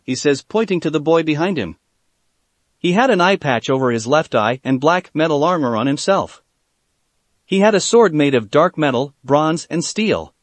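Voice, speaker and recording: A man reading a fan fiction story aloud as narrator in a steady storytelling manner. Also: on the high side, normal speed, no room sound.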